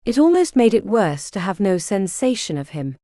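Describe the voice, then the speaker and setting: A woman reading a fantasy audiobook as its narrator, in an expressive storytelling manner. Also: medium pitch, moderate pace, no echo, studio quality. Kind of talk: scripted narration.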